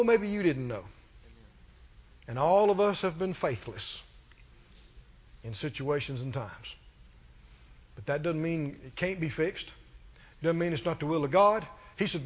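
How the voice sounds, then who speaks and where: A man preaching a sermon with emphatic delivery, reading scripture and acting out quoted voices. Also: high-pitched. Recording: muffled hall recording.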